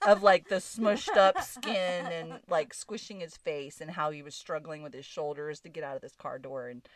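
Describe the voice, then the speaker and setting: A woman co-hosting a podcast who tells a story in a casual, animated way and often laughs mid-sentence. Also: on the low side, dry recording. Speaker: podcast co-host.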